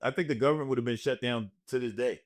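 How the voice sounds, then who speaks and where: A young man hosting a loose comedy podcast, his voice sitting mid-range. He tells stories in a profane, animated way and jumps into exaggerated voices for the people in them. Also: mid-range voice, quick pace. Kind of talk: casual storytelling chat.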